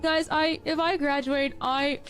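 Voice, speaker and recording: A woman's voice: high-pitched, flat delivery, unhurried, a bit bright, faint music behind. A woman in her twenties, crying as she talks to her stream chat, self-deprecating and joking through tears. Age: 20s. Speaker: livestreamer. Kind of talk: emotional livestream talk to chat.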